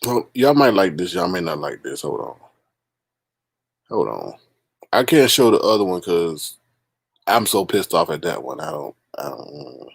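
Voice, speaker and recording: Gravelly, animated man hosting a livestream. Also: deep voice, a little slow, long pauses, no room sound. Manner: exasperated, laughing, talks to chat as "y'all". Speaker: livestream host. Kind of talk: casual livestream chat.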